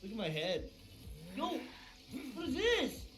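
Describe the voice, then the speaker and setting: A young woman casually streaming a video game live, teasing, swearing and bursting into theatrical shouts. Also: sits high, wildly swooping pitch, a little slow. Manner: playful, crude, theatrical outbursts. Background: game music.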